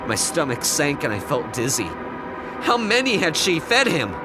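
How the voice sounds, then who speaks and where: A man narrating a scripted horror story, swinging between hushed dread and shouted outbursts. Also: a little high, big pitch swings, normal speed, heavy background noise. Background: music.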